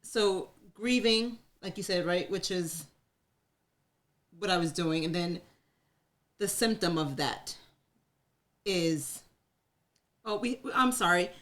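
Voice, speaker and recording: This woman's fairly low, fairly bright voice moves slowly, with frequent pauses. Co-hosting a live talk before an audience, she shares her story in a candid, chatty way, laughs often, and calls herself an oversharer.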